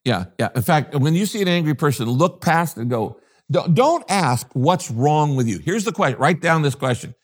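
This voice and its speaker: Emphatic older pastor, preacherly. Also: male voice, a little high, animated, normal speed, few pauses. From United States. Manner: emphatic, preacherly, repeats key phrases. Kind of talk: interview conversation.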